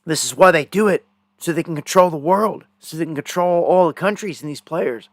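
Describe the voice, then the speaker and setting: Male live-stream news host, rambling and indignant, slightly high voice, dry close sound. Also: a little fast, dry recording.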